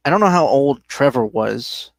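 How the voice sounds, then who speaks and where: A man's voice: medium pitch, expressive, normal speed, creaky, no echo. A man with a mid-range voice talking casually on a podcast. He teases his partner and often hesitates and restarts as he talks. The recording is dry and close. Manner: teasing, hesitant. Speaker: podcast co-host. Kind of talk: casual chat.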